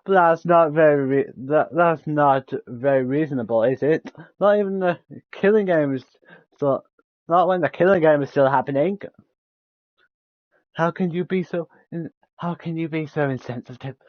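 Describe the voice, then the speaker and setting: A man's voice: a little high, moderate pace, no room sound, narrow, tinny audio. A man streaming a game, reading its dialogue aloud, stumbling over words, restarting lines and laughing between them.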